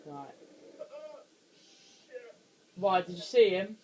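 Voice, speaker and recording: A young man giving let's play commentary on a horror game, jumpy and quick to scream when startled. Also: sits high, a little mellow. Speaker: gaming channel host.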